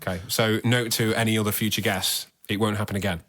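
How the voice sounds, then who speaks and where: Male podcast co-host, lower pitch, relaxed, good-humoured chat. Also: fast talker. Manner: apologetic, good-humoured, easygoing. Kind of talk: casual chat.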